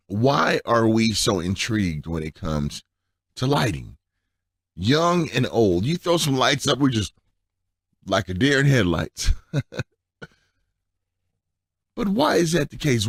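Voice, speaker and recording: A man hosting a tech radio show, his voice raspy from allergies, talking in a playful, chatty way. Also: no room sound, clean studio sound. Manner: playful, chatty, drops into a low murmur.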